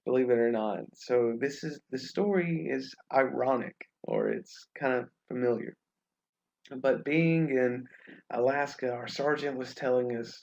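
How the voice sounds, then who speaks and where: A man's voice: medium pitch, creaky, a little mellow, low-quality recording. A young man from Alabama, an English teacher telling stories in a casual online class, chatty and full of fillers. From Alabama, USA. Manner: friendly, chatty, many fillers. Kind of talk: casual webinar storytelling.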